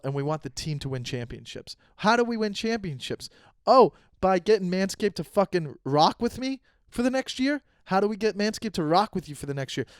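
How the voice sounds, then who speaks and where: Profane, high-voiced male comedian riffing. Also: clear, resonant tone, no room sound, studio quality. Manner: rambling, profane, jokey riffing. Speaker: podcast host reading an ad. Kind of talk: improvised comedic ad read. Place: non-studio room.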